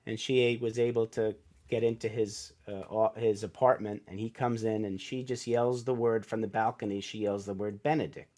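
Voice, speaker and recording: A man's voice: fairly low pitch, fairly even intonation, normal speed, hardly any pauses, warm tone. A middle-aged man, a podcast guest and author, telling a personal story in a casual, earnest and emotional way, acting out the voices of people he quotes.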